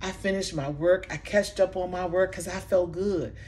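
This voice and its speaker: A middle-aged woman, venting emotionally in a vlog, impassioned and repetitive, her voice sinking soft and low in the hurt parts. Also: steady tone, normal speed. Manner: impassioned, repeating herself, voice dropping low and soft when recalling hurt. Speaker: vlogger. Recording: faint background noise.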